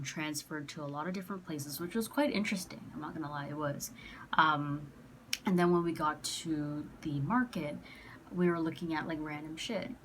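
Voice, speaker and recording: Young woman, low-pitched, casual storytelling, chatty with fillers, quotes others, faint background noise. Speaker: vlogger.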